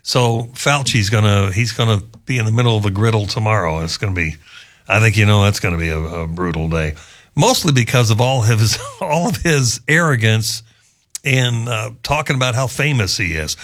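A man's voice: lowish voice, animated, moderate pace, a bit bright. A man hosting a talk radio show, speaking casually and sarcastically, with mocking asides. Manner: sarcastic, conversational, mocking impressions.

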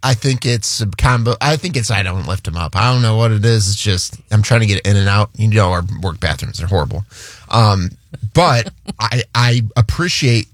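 A man co-hosting a radio show, easygoing and quick to laugh in casual studio banter. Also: on the low side, animated, dry recording.

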